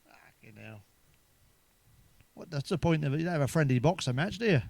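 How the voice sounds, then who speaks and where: A man's voice: a little high, animated, fairly quick, creaky, a little mellow, slight background noise. A middle-aged man telling crude stand-up jokes, swearing often and laughing at his own punchlines. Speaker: stand-up comedian. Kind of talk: stand-up jokes told to camera.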